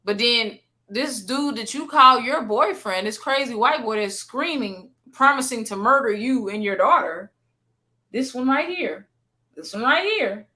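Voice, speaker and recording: Woman, YouTube commentator, sarcastic, incredulous, emphatic, bright and forceful. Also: fairly high pitch, expressive, a little slow. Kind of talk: commentary on played clips.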